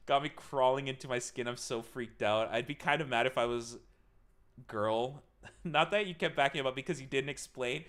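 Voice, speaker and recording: A young man streaming live, telling a personal story to his chat in a casual, animated way, laughing often and swearing freely. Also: medium pitch, normal speed, pauses often.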